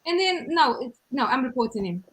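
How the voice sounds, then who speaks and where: A South African woman hosts a casual podcast chat, her voice sitting a little high. She tells stories with animated emphasis, leaning hard on the punchlines. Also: a little fast, a little hiss or hum, rough recording. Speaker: podcast host.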